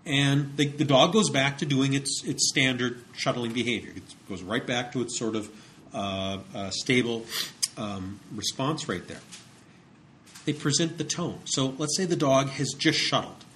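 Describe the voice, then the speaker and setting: Guy giving a lecture, chatty, lots of ums and restarts, mid pitch, faint hiss behind. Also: unhurried, fairly bright tone. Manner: conversational, repeats words and uses many fillers. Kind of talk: recorded psychology lecture.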